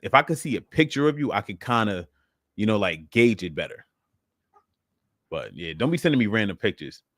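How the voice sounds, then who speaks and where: Casual male fitness host, low voice, dry close sound, chatty and loose. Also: a little fast, no echo. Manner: relaxed, conversational, lots of fillers like "you know what I'm saying". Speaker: fitness host answering live questions. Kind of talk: casual live Q and A. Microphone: livestream setup.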